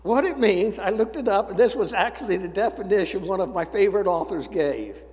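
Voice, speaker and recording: Older male preacher, high voice, reverberant church. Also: lively intonation, a little fast, a little mellow. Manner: folksy storytelling with dry humor. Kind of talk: sermon. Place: church sanctuary. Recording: church sanctuary with long reverb.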